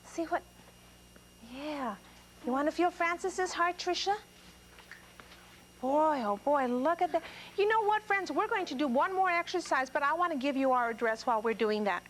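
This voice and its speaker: High-voiced woman hosting a kids' show. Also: lively intonation, normal speed, pauses often, a bit bright, a little hiss or hum, rough recording. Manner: cheerful, encouraging, coaxing. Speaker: children's TV show host. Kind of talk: talking to young children.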